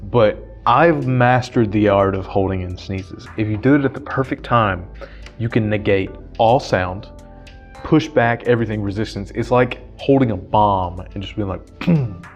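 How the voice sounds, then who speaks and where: A woman's voice: a bass voice, moderate pace, highs cut off, soft background music. A teenage woman co-hosting a podcast, talking bluntly and animatedly in casual chat. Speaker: podcast co-host.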